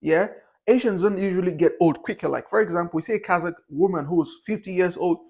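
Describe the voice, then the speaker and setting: A man's voice: sits high, fairly quick, a little mellow. A young man giving his candid opinions in a casual, rambling monologue, with fillers and restarts. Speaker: vlogger.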